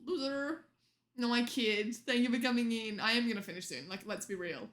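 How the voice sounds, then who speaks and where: Young woman streaming late at night, chatty and teasy, lots of laughing, slightly high voice. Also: fast talker, a bit bright. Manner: chatty and teasing, laughs often. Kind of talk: casual late-night chat with viewers.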